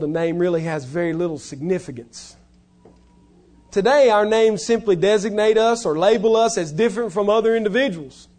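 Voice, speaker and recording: A male pastor preaching a sermon, stressing key words loudly and then dropping to hushed, low lines.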